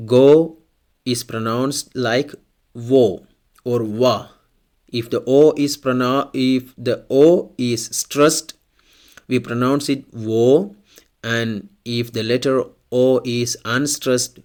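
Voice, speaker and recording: A man teaches a language lesson, his mid-pitched voice carrying a darkish tone. Slow and deliberate, he explains things one step at a time and repeats each example word twice for the learner.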